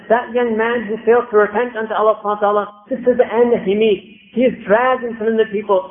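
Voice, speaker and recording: Male preacher as a despairing young sinner on his deathbed; pleading, high-set voice, phone-thin echoey sound. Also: close to an everyday voice. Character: dying repentant young man. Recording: echoey tinny phone-like recording.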